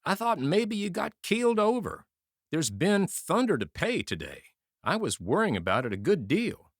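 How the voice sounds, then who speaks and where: A man voicing a tall wounded soldier who speaks in a monotonous, bewildered way. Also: high-pitched, moderate pace, dry recording, studio quality, voice pushed up. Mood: dazed. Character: tall wounded male soldier, dazed and frightened.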